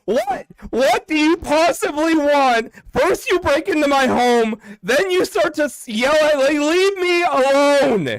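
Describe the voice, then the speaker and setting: A man voicing an angry, grieving male dwarf recluse who yells at intruders. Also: animated, measured pace, hardly any pauses, dry recording. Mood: furious. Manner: shouting and shrill when angry.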